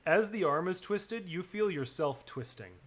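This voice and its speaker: A man running a tabletop game as game master, narrating in a loose, halting way full of fillers. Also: high-pitched, lively intonation, a bit bright.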